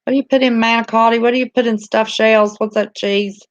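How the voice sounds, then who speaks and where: Her voice is on the high side with fairly even intonation and a brisk pace. This Southern American woman casually reads and replies to her live chat as the channel host, chatty, homey, and quick to laugh. There's no room sound, and the highs are cut off.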